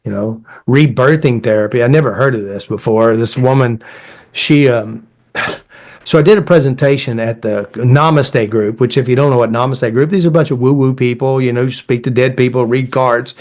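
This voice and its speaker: A middle-aged man talks in a loose, folksy storytelling way, blunt and full of fillers. His pitch sits in an ordinary middle range for a man, and he jumps into little acted voices when he quotes people. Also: normal speed. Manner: animated, acts out quoted dialogue in shifting voices. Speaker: therapist and creator of a healing method. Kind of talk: casual storytelling in conversation.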